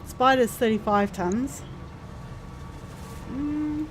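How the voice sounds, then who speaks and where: A woman's voice: sits high, extremely slow, a little hiss or hum. A woman streaming a video game, thinking aloud casually and explaining its mechanics as she plays. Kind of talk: casual gameplay commentary.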